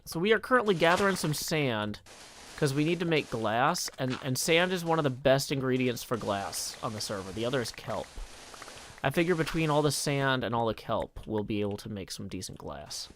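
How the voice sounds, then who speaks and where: A man's voice: medium pitch, lively intonation, moderate pace, a bit bright, a little hiss or hum. A man casually chatting on a live stream while he plays, joking and reading viewer messages aloud.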